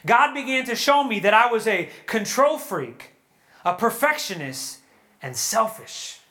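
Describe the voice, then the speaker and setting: A man preaching at a young adult retreat, earnest and animated, acting out prayers and quotes before a live audience. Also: high-pitched, a little slow. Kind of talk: sermon.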